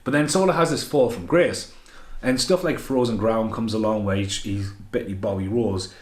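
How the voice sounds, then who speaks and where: A man rants through a film review in a loose, rambling way, swearing often and getting worked up as he goes. His voice sits a little low. The sound bounces around an echoey room. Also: moderate pace. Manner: rambling, profane, excitable. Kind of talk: unscripted ranting film review.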